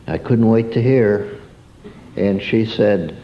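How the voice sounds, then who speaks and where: A man's voice: lowish voice, unhurried, lo-fi sound, slight background noise. A man preaching a sermon through a homespun childhood story, turning to ask his listeners questions.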